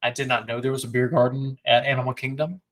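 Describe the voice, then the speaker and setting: A man's voice: medium pitch, fairly even intonation, fast, a bit bright, poor audio. A man co-hosting a podcast, chatting casually with playful, teasing banter. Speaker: podcast co-host. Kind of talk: casual chat.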